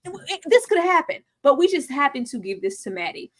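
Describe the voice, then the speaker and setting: A woman hosting a live video-call recap, sassy and slangy, acting out characters in quick voices. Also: sits high, big pitch swings. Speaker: podcast host. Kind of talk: animated live recap chat.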